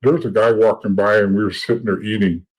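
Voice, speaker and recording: Husky, low-voiced middle-aged man. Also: steady tone, fast talker, a little mellow, poor audio. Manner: blunt, profane, repeats words while telling stories. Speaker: podcast guest, former informant. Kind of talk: casual storytelling.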